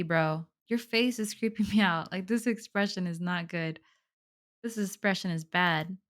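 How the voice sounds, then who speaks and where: A woman playing a horror visual novel, reading the story aloud and reacting with lots of swearing and casual slang. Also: on the low side. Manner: reactive, swears a lot, says "bro". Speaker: gaming streamer. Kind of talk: let's play commentary and reading game text aloud.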